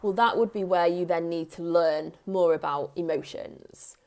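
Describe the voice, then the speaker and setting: A woman in her thirties, a parenting coach, giving earnest advice straight to the camera in a soft tone, repeating key phrases for emphasis. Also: fairly low pitch, moderate pace. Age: 30s. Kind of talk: direct-to-camera advice talk.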